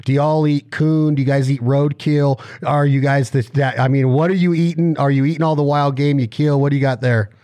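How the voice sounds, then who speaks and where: A man's voice: mid-range voice, fairly even intonation, warm tone, dry recording. Teasing man firing off questions. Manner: rambling, teasing, rapid-fire questions. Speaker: podcast host. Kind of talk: casual interview chat.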